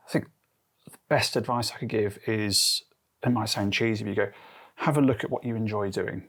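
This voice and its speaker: Male, Guernsey accent, husky, chatty interviewee. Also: on the low side, normal speed. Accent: Guernsey English. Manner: chatty, animated storyteller acting out quotes. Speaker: interviewee, head of transformation and change. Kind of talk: casual interview answers.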